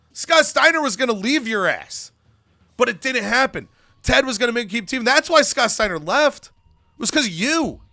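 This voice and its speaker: A man's voice: extremely high pitch, gravelly, pushed and bright, no room sound, studio quality, voice pushed up, exaggerated voice. A man voicing a cocky, arrogant male pro wrestler delivering taunting trash talk in a game story.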